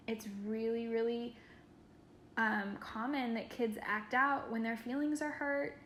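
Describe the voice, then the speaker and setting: A woman's voice: on the high side, measured pace, a bit bright, a little hiss or hum. Earnest woman in an echoey room. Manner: earnest, reflective, says "like" often. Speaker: caregiver. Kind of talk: training talk.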